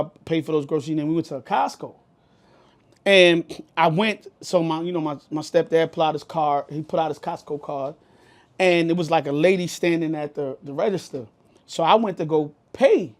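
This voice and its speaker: A man with a New York accent co-hosting a podcast, telling a story in a loud, animated, profane way. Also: a little high, fast. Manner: animated, profane, gets loud and heated retelling anecdotes. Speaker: podcast co-host. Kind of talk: casual podcast chat, storytelling.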